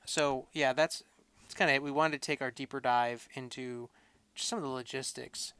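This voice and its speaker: Man chatting, clear smooth voice. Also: mid-range voice, moderate pace, no echo. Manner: relaxed, rambling with many fillers. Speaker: podcast co-host. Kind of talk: casual chat.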